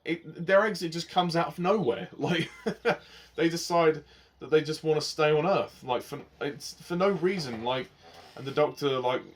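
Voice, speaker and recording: A man giving a casual spoken review of a TV series, passionate and rambling, swinging between heated outbursts and softer reflective stretches. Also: a little high, moderate pace, slight background noise.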